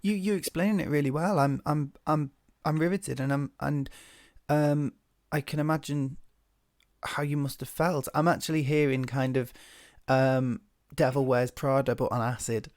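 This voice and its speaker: Man, podcast host, soft supportive remarks, mid pitch, dry sound. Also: steady tone, moderate pace, no echo. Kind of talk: interview conversation.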